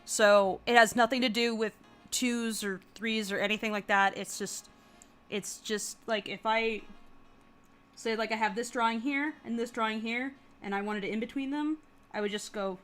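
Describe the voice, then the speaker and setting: A woman's voice: fairly high pitch, moderate pace, a bit bright, faint music behind. A woman hosting a casual livestream, talking animatedly with lots of laughing and "like". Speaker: comic artist and animator, stream host.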